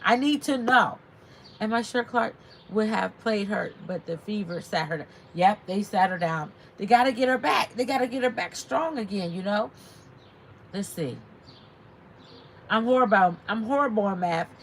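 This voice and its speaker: A woman's voice: mid-range voice, animated, normal speed, a little hiss or hum, rough recording. Chatty woman streaming live. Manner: chatty, reads out viewer comments. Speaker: livestream host. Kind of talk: casual livestream chat.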